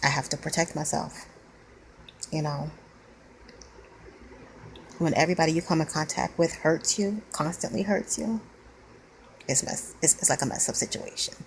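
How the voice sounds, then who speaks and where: A woman's voice: low-pitched, normal speed, creaky, pauses often, slight background noise, poor audio. A woman venting in a blunt, weary monologue, close to tears. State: near tears. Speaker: vlogger.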